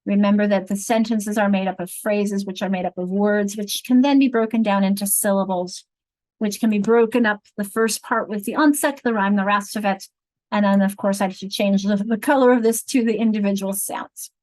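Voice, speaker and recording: Lady running an online literacy training from home, mid-pitched voice, spells out words slowly, dead dry audio. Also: fairly even intonation, a little mellow, no echo, low-quality recording. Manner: explanatory, slowly sounding out example words. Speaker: literacy instructor. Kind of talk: online teacher training workshop.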